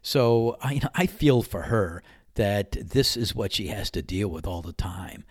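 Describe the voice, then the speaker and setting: A man's voice: on the low side, a little slow, breathy edge, dry recording, studio quality. Conversational man telling a golf story. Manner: animated anecdote-telling, acts out dialogue; candid and conversational, mild swearing. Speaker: podcast host. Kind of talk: casual storytelling monologue.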